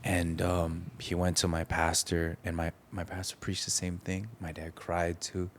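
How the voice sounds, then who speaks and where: A man with a deep, low voice shares a deeply personal story in conversation. He talks candidly and haltingly, restarting his sentences as he reflects. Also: completely flat delivery, a little hiss or hum. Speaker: podcast guest. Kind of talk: emotional storytelling.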